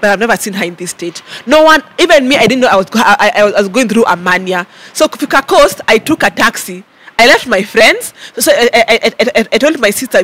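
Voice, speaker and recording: A woman with a Kenyan accent, recounting her story to an interviewer in a lively way, with many stammered repeats and mixing in Swahili. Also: on the high side, quick pace, no room sound. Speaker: interview guest.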